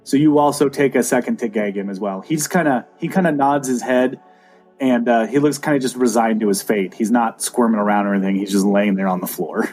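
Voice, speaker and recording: A man with a mellow, slightly husky voice runs a tabletop game as dungeon master. He walks the players through the rules one step at a time, in a patient, explaining tone. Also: mid-range voice, fairly quick, faint music behind.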